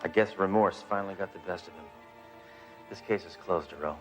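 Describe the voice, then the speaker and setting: An actor playing a brash, self-assured male police detective with a deadpan, macho delivery. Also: sits low, a little fast, over music, lightly acted. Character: brash trigger-happy male cop, adult. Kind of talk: sitcom acting.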